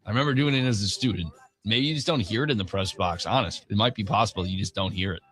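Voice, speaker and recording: A man co-hosting a sports radio show, reading ads and leading segments in a brisk, bouncy way. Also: on the low side, fairly bright tone, faint music behind. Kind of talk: casual sports talk and ad reads.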